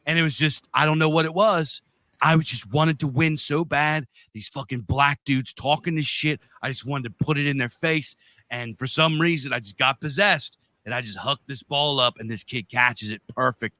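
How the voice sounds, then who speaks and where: A man's voice: medium pitch, normal speed, pushed and bright, dry recording. A man co-hosting a podcast, telling a long story in a loose, profane, rambling way. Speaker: podcast co-host.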